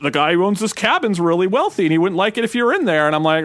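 A man in his thirties co-hosting a casual podcast, retelling a game with animated quoted voices. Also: fast talker, few pauses. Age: 30s. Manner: animated, acts out quotes in a high put-on voice. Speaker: podcast co-host.

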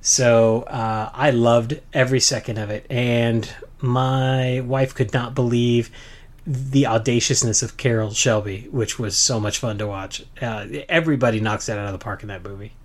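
A man's voice: mid-range voice, fairly even intonation, normal speed. Chatty, enthusiastic male co-host. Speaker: podcast co-host. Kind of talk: casual chat.

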